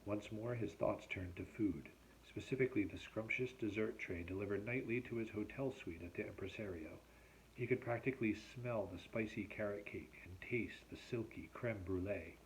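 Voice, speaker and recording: A male teacher reading a novel aloud at home, expressive and measured in his storytelling. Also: lowish voice, a little hiss or hum, rough recording.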